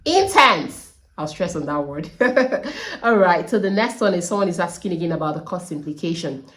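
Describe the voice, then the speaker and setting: A woman's voice: fairly low pitch, big pitch swings, fairly quick. A woman vlogging casual question-and-answer advice as a trainee teacher, earnest and emphatic, repeating key points and laughing now and then.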